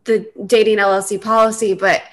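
A woman's voice: mid-range voice, flat delivery, brisk, a bit bright. A woman improvising a customer on a comedy phone call, asking dry, playful questions. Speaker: caller playing a customer.

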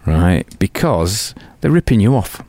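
An older British man with a fairly low voice tells his stories as an interview guest, and his pitch swings widely as he goes. He swears casually and often slips into acting out what other people said. The sound is dry and close, with no room echo. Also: unhurried. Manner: animated, swearing, acts out others' lines.

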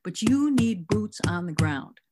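A woman's voice: mid-range voice, lively intonation, a little slow, over music. A middle-aged woman at a recovery workshop, recounting a sponsorship story and acting out both sides of the dialogue. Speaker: workshop speaker.

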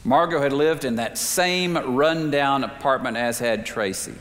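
A man preaching a sermon, telling a story in a measured way with slow, emphatic pauses. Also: medium pitch, a bit bright. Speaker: pastor. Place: church sanctuary. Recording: reverberant sanctuary.

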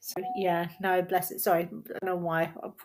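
A woman's voice: on the low side, little pitch movement, moderate pace, a little mellow. A woman hosting a casual solo film podcast at home, chatty and rambling and laughing often, recorded on a laptop's built-in mic. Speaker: podcast host.

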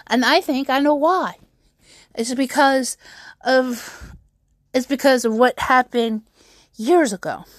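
A young woman YouTuber tells an upsetting personal story on her vlog in a high-pitched voice with no echo. She rambles, restarting often and filling gaps with fillers.

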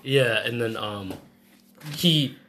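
A man reviewing a movie in casual chat, animated and acting out scenes in quick voices. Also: mid-range voice, a little hiss or hum.

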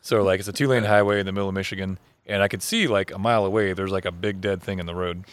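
Fast-talking young man, low voice. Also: fairly even intonation, dry recording. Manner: swearing, laughing storyteller. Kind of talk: casual chat.

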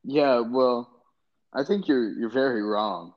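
A man hosting a casual comedy podcast, in an ordinary mid-range voice and at an unhurried pace. He talks hesitantly, leaning on fillers, and the recording sounds dull and lo-fi. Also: medium pitch. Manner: hesitant, giggly, filler-heavy. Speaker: podcast host.

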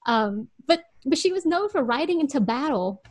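A young American woman co-hosting a podcast, telling a story in an animated way and laughing often. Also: high voice, moderate pace, no echo. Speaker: podcast co-host. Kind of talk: casual chat.

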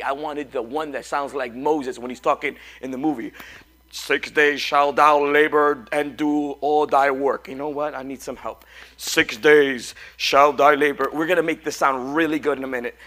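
A male pastor preaching a sermon, animated and joking as he coaxes his congregation along. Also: fairly high pitch. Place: church.

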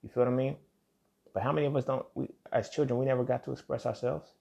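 A man's voice: mid-range voice, steady tone, quick pace, creaky, warm tone. A young man hosting a podcast, talking in a loose, casual monologue full of restarts and asides. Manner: conversational, repeats "you feel me", frequent restarts. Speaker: podcast host.

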